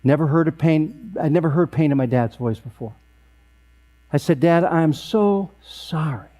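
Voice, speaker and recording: A man's voice: a little high, normal speed. Man in his sixties telling a comic story. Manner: deadpan storytelling with comic timing. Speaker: emcee. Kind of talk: comic storytelling at an awards event.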